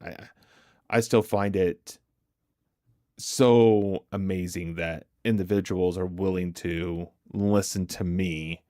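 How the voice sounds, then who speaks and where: A man's voice: deep voice, steady tone, slow, mellow, no room sound, studio quality. A man hosting a livestream, chatting casually with viewers, answering their comments aloud and laughing often. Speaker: livestream host. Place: home streaming setup.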